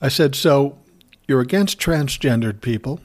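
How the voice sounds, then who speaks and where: A man talks straight to his listeners in a loose, ranting monologue. His delivery is sarcastic and peppered with swearing. His voice sits at an ordinary middle pitch for a man. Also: expressive, a little slow. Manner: profane, sarcastic storytelling. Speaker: commentary host.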